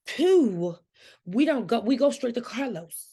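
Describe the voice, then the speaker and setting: A woman in casual chat, recapping a book's plot quickly and emphatically. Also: on the high side, sing-song, warm tone, slightly rough. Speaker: book-swap co-host. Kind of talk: casual book discussion.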